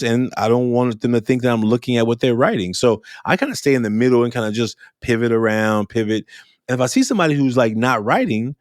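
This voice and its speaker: A man who runs youth workshops, talking through his experiences in a casual, animated monologue and acting out students' lines as he goes. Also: mid-range voice, no echo, studio quality. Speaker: youth speaker and workshop facilitator. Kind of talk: reflective podcast monologue.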